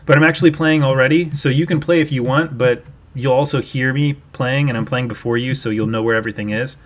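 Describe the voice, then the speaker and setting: A man's voice: medium pitch, steady tone, fast. A young man hosting a casual livestream, chatty, explaining things and thinking aloud as he goes. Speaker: livestream host.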